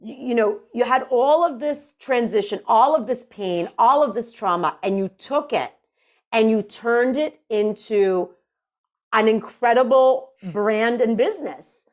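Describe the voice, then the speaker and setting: A woman's voice: on the high side, a little slow. Effusive woman podcast host. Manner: effusive and encouraging, voice dropping softly on heavy topics. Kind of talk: emotional interview conversation.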